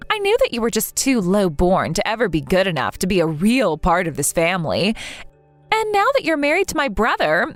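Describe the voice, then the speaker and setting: A woman's voice: mid-range voice, no echo, close to an everyday voice. A woman voicing a snobbish, cruel sister-in-law in a text-message story, speaking in a sneering, sing-song taunt.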